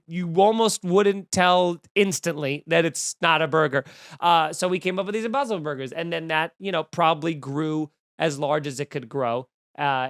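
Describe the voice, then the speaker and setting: Brief: young male comic host, snarky riffing rant, high clear voice, close dry sound. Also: fairly bright tone, no room sound. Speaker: comedian podcast host. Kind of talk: casual comedic rant.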